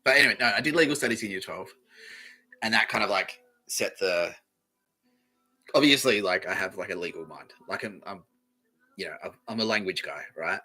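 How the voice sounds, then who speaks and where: A man's voice: lowish voice, brisk, long pauses, pushed and bright, rough recording. A young man hosting a podcast, talking in a casual, swaggering, profane way and laughing often. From Australia. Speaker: podcast host. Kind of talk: casual comedic monologue.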